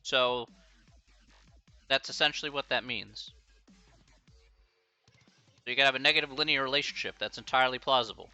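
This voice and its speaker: Man from the US, math tutor on a livestream, very bright tone, dry close sound, chatty and encouraging. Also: mid-range voice, moderate pace, long pauses, no room sound, faint music behind. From United States. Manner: chatty, encouraging, laughs often. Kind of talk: casual livestream tutoring chat.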